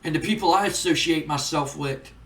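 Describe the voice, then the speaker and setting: A man's voice: a little high, a bit bright, distant mic. Man doing an arrogant sneering wrestler. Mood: contemptuous. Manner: contemptuous, insulting, halting. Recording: roomy, off-mic.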